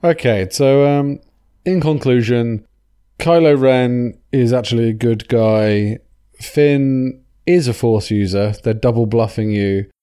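A man's voice: mid-range voice, takes it slowly, dark tone, clean tone. A man hosting a podcast in casual chat, jokey and rambling, laughing often. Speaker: podcast host.

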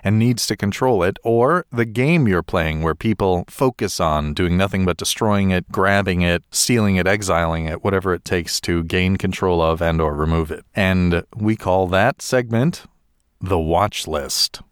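A man's voice: deep voice, moderate pace, few pauses, clear, resonant tone, no room sound, studio quality. A man hosting a podcast in casual chat, teasing and introducing segments. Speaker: podcast host.

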